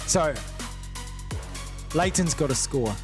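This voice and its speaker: Excitable Kiwi drift commentator, high voice. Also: male voice, slow pace, over music. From New Zealand. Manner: excitable, rising into near-shouted calls. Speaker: sim-racing commentator.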